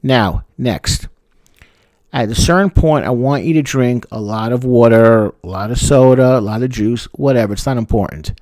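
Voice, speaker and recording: A man's voice: medium pitch, mellow, no room sound. A male therapist giving frank, sarcastic relationship advice and repeating words for emphasis. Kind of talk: advice talk to camera.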